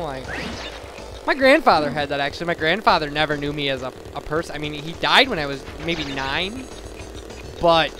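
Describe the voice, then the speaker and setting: A man's voice: a little high, noisy background. A young man giving casual, rambling let's play commentary, chatty and self-deprecating with lots of fillers. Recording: game music playing behind.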